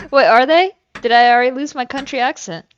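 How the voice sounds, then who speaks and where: A woman streamer giving excitable, giggly commentary while playing a game. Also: high voice, normal speed, lo-fi sound, a little hiss or hum. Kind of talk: casual gaming commentary.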